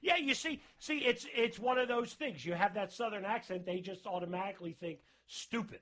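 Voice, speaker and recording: A man's voice: sits high, brisk, pushed and bright. A man hosting a radio show, chatting and ribbing an old friend with plenty of laughter. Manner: laughing, chummy, ribbing his guest. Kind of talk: casual radio interview.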